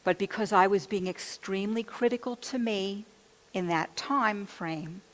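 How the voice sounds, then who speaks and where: A woman minister gives a sermon, telling a candid, confessional personal story and quoting her own thoughts aloud. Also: medium pitch. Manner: candid, confessional storytelling with quoted self-talk. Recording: long hall reverb.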